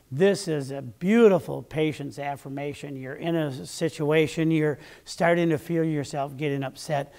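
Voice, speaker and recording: An older man giving a motivational talk as a leadership coach, with a measured, deliberate delivery that slows down to stress key sayings. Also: a little high, vocal fry, darkish tone.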